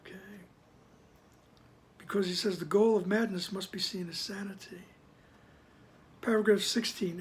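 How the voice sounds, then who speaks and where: A man reading a spiritual text aloud and stopping to explain it, deliberate, sometimes dropping to a soft whisper. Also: high-pitched, steady tone. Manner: deliberate, drops to a soft whisper on some phrases. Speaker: spiritual text reader and teacher. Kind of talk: slow devotional reading with commentary.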